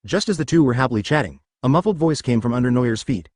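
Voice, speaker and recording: A male narrator reads a fan story aloud in a synthetic audiobook voice. His pitch swings widely, and the sound is close and dry. Censored words come out as letters and asterisks. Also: animated, quick pace, a little mellow, no echo.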